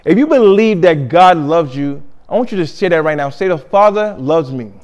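A man's voice: a little high, expressive, brisk, a little mellow, muffled recording. A man preaching a sermon with a conversational delivery. He often repeats himself and leads the congregation in call-and-response.

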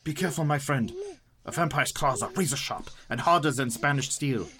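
An actor playing a stern, wise professor who hunts vampires, formal and commanding, in radio drama style. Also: male voice, mid-range voice, fairly quick, a crowd in the background, natural voice.

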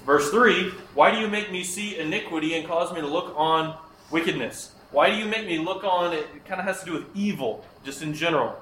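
A man's voice: fairly high pitch, a little fast, bright, forceful tone, echoey room, slight background noise, poor audio. A man teaching a Bible lesson to a class of children, often asking them questions and repeating their answers.

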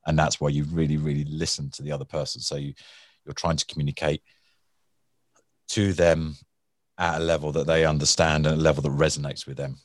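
A man with an extremely deep, low voice talks through his experience in a relaxed interview. He repeats himself and restarts sentences, then acts out heated exchanges with lively energy. The sound is dry and close, with no room echo. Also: fairly quick. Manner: animated storytelling, acts out angry people. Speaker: guest, former hostage negotiator. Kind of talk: conversational interview.

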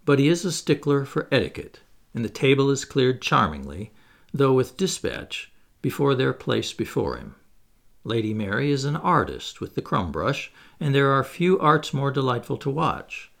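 A man reading a stage play aloud, giving the stage directions in an expressive, theatrical way. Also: medium pitch, normal speed, gravelly. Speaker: reader.

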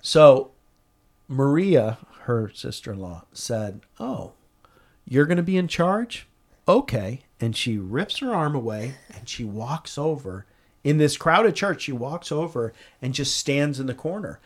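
A man of ordinary pitch recounts a story as an interview guest. He speaks earnestly and grows animated, often restarting his sentences as he talks. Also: unhurried. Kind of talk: conversational storytelling.

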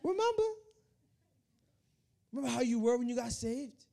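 A young man preaching a lively sermon to a youth congregation, often repeating his words as he builds energy. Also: extremely high pitch, quick pace, vocal fry. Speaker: youth pastor. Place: church hall.

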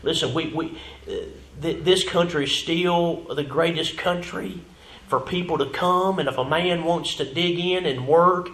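A male pastor preaches fervently in a church sanctuary. His voice sits a little high for a man. He swells to loud emphatic runs, then falls to a hushed whisper. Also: a little slow, roomy sound. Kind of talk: sermon.

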